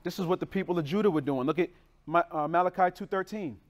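A young male pastor preaching a sermon in a conversational way, with slang and quick swings between loud bursts and hushed lines. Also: a little high.

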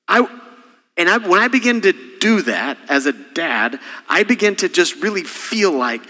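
A middle-aged man preaching a sermon as senior pastor, impassioned, with sudden soft drops. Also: high voice, big pitch swings, moderate pace, in a large hall.

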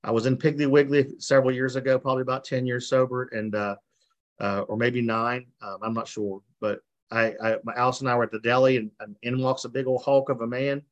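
A man's voice: mid-range voice, flat delivery, brisk, highs cut off. A middle-aged man giving an earnest, emotional personal testimony over a video call, repeating himself as he tells his story. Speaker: speaker sharing his recovery story. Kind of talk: personal testimony at a recovery meeting.

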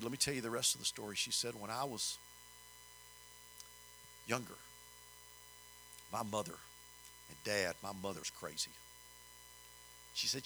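An older man telling a story in a sermon, folksy and animated, rising in emphasis. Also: mid-range voice, slight background noise, rough recording. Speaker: preacher.

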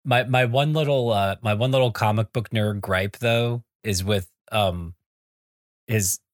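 A man's voice: on the low side, measured pace, dry recording. Enthusiastic man on a dry podcast mic. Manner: enthusiastic, casual swearing, frequent fillers. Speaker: podcast co-host. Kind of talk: casual comic book discussion.

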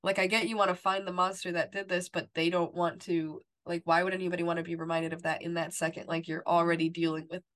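A woman's voice: lowish voice, level tone, quick pace, hardly any pauses, a bit bright. A woman co-hosting a podcast, chatting casually about a TV episode and filling her talk with "like" and "you know". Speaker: podcast co-host. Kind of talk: casual TV recap chat.

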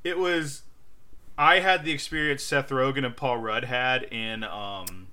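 A young man casually telling a funny story on a podcast, laughing often and acting out quotes in a loud high voice. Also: a little slow. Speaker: podcast co-host.

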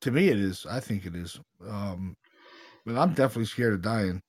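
A man co-hosting a podcast, telling a story in casual, excitable, slangy chat. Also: lowish voice, fairly quick, dry recording, studio quality. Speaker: paranormal investigator, podcast co-host.

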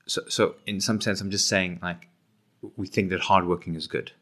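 A man's voice: sits low, steady tone, normal speed, fairly bright tone. A man co-hosting a casual podcast, talking reflectively with many restarts. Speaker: podcast co-host. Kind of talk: casual chat.

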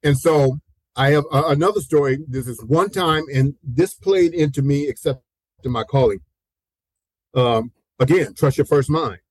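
A male pastor of about sixty, a guest on an interview, tells personal stories in a slightly rough, higher-pitched voice at a moderate pace. He's animated, voices the people he quotes, laughs often mid-story, repeats himself, and keeps saying "you know." The recording is dry and low-quality.

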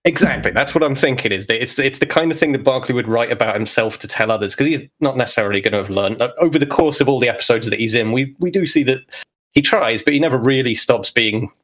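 A man's voice: medium pitch, fast, fairly bright tone. A man playing in a tabletop game, chatting casually over a voice call, thoughtful and hedging his ideas. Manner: thoughtful, hedging with "kind of" and "necessarily". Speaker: player. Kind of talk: casual chat planning a role-playing game.

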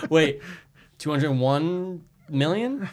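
A man's voice: a little high, big pitch swings, drawn-out words, a little mellow. A man co-hosting a podcast in casual chat, teasing, swearing and laughing often. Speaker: podcast co-host.

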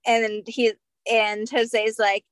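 A woman's voice: a little high, flat delivery, very slow, no echo, rough recording. A woman, a spirit medium on a podcast, telling a story in a casual, chatty way full of "like" and "um". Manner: chatty, filler-heavy with frequent "like" and "um".

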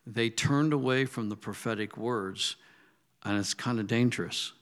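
A man's voice: mid-range voice, a little slow, a bit bright, clean tone. A male pastor preaching conversationally, telling stories and acting out quoted asides. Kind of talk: sermon.

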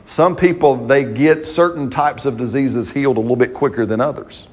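A man's voice: medium pitch, moderate pace, darkish tone, slightly rough. A man, preaching a sermon as pastor, talking to the congregation in a conversational way and often checking in with "right?".

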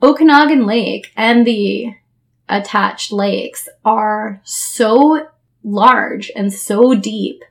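A woman co-hosts a podcast in a medium-pitched, gravelly voice, speaking extremely slowly. She chats casually, rambles with fillers, and laughs often.

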